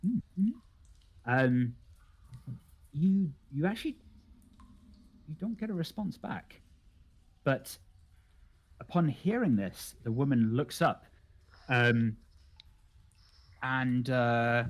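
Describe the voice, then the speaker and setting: Acting as game master, a man narrates a tabletop game, halting often with lots of ums and restarts. His voice is mid-range, and the recording is rough.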